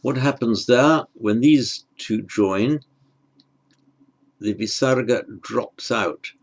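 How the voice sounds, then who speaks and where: In an online lesson, a man with a medium-pitched voice teaches Sanskrit grammar, explaining slowly and carefully and correcting himself along the way.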